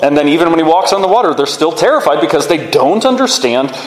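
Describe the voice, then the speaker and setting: A man delivers a teaching sermon in a somewhat high voice. He explains earnestly, with fillers and restarts. The sound rings out with the long reverb of a large hall. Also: expressive, fast talker. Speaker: preacher.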